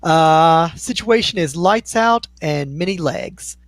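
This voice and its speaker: A man's voice: a little high, expressive, slow, no echo. A man narrating a tabletop game as game master in an easygoing, descriptive way.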